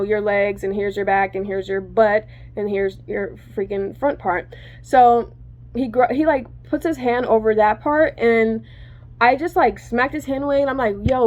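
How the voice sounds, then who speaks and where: A woman's voice: on the high side, highs cut off. A woman telling a personal story to her viewers in casual chat, rambling and correcting herself, cursing freely.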